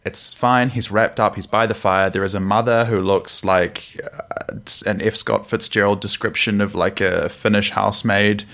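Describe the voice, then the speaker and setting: Low-voiced wry man recapping comics. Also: steady tone, gravelly, a bit bright. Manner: wry, acts out characters in quick asides. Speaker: podcast co-host. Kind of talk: casual comic-book recap chat.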